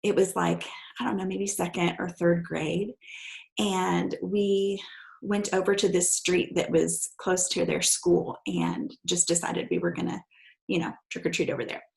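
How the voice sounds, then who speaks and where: Gravelly-voiced woman telling a story. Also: fairly low pitch, fairly even intonation, a little slow, rough recording. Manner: soft-spoken, drops to a hushed near-whisper when quoting. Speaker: adoptive mother, guest. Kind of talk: personal storytelling in conversation.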